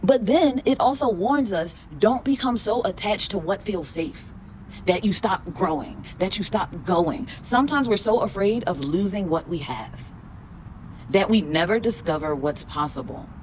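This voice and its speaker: A woman hosting a spiritual podcast, reading tarot cards and giving a blunt, emphatic pep talk full of swearing, then repeating affirmations slowly. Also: mid-range voice, lively intonation, a little mellow, a little hiss or hum.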